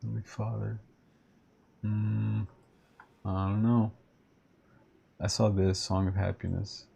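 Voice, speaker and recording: Gravelly man streaming a horror game. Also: fairly low pitch, little pitch movement, takes it slowly, warm tone, lo-fi sound, soft background music. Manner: reacts aloud while playing, jumpy. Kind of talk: casual live-stream commentary.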